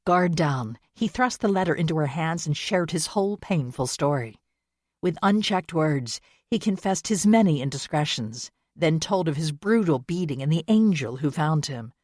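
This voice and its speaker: A woman narrating a historical romance audiobook in a measured, expressive manner. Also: low voice, dry recording, studio quality. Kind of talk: scripted narration.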